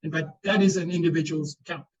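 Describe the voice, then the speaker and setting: Over a video call with dull audio, a man whose voice leans high speaks quickly with fairly even intonation. He's a webinar panellist giving earnest, explanatory answers and often restarts, repeating words.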